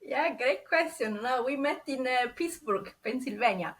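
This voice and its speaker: A woman with a strong Italian accent talks casually as a podcast guest. Her pitch sits a little high, and she chats freely with frequent laughs. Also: expressive, moderate pace. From Italy. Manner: chatty and warm, laughs often. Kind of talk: casual interview chat.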